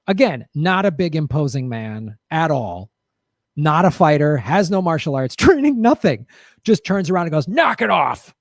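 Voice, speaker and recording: A man's voice: a little high, darkish tone, no echo, studio quality. A middle-aged man hosting a show, telling a personal story and giving blunt, profane commentary in a casual monologue. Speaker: podcast host.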